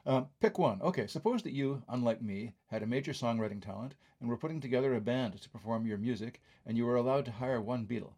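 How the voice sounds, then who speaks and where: Older man, gravelly, husky, reading a review aloud, wry conversational asides. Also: medium pitch, fast, hardly any pauses, a little mellow. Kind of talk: read-aloud film review essay.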